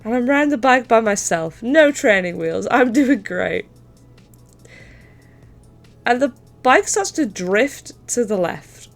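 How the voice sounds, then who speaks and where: A woman's voice: fairly high pitch, expressive, slow, pauses often, soft background music. A young adult woman streamer telling a story in casual chat, swearing freely and laughing as she talks. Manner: chatty, swears, laughs through her story.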